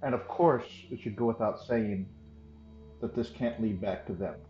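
A man narrating as game master in a tabletop game, relaxed and explanatory. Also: lowish voice, moderate pace. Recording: roomy, dull lo-fi sound with faint music.

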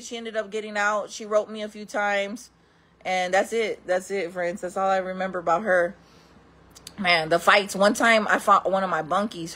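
A woman's voice: medium pitch, a bit bright. A woman telling her own stories to camera in casual, candid talk, often calling her viewers friends. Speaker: storyteller host.

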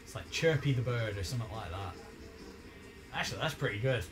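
Sweary excitable man streaming. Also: on the low side, fairly quick, music in the background. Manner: sweary, excitable, laughs often. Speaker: streamer playing the game. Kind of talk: casual live-stream chat.

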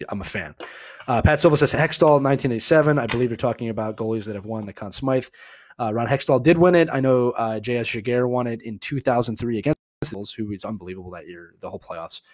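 A man from Philadelphia with a Philly accent, hosting a live hockey chat and answering viewer questions in a chatty, animated way. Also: on the low side, no room sound, studio quality. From Philadelphia, USA. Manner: animated, chatty, full of filler words and asides.

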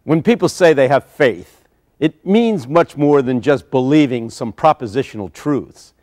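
An older man preaching a sermon, telling stories dramatically with sudden shouts. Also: medium pitch, expressive, measured pace. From United States.

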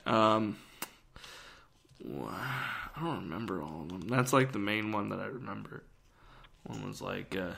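A young man co-hosting a podcast, talking in a rambling, animated way. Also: lowish voice, unhurried, gravelly, long pauses. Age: young adult. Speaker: podcast co-host. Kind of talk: casual chat.

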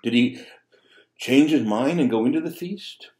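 A man's voice: medium pitch, a little slow, a little mellow. A man preaching a sermon as a priest, speaking conversationally and tossing in rhetorical asides. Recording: echoey room.

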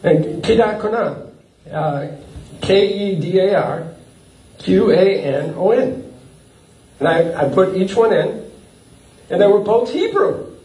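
A man preaching a sermon as a pastor, animated, chuckling often and breaking up his sentences with uh and repeats. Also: high-pitched, slow pace, pauses often. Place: church hall. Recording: echoey hall, from far off.

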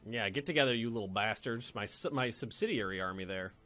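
A man's voice: lowish voice, a little fast, fairly bright tone, faint music behind. A man casually commenting as he plays a strategy game on stream, chatty and playful, swearing and repeating himself as he thinks. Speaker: let's play streamer.

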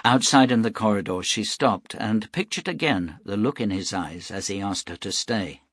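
A man narrating an audiobook in a steady, even storytelling manner. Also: lowish voice, moderate pace, no echo, studio quality. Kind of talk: scripted narration.

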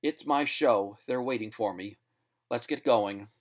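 A man's voice: medium pitch, a little slow, close to an everyday voice. A man voicing a frightened male ventriloquist who pleads in a strained voice that climbs toward screams. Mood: tense.

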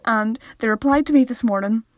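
A young woman chatting on a podcast, giggly and prone to wandering off topic. Her voice sits fairly high. The close mic leaves the sound dry, with no room around it. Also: fairly quick, dry recording. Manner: chatty, giggly, easily sidetracked. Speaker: podcast co-host. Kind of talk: casual chat.

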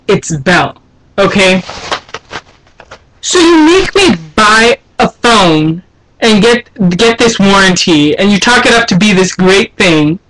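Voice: medium pitch, pushed and bright, rough recording. A young adult vlogger complaining in an indignant, exasperated casual rant. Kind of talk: casual ranting vlog.

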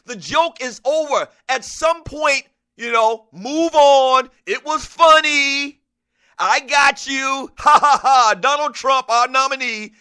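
Male talk host, sharp bright tone, emphatic, repeats himself, jokes and laughs between points. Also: extremely high pitch, takes it slowly. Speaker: podcast host. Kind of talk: casual sports talk show.

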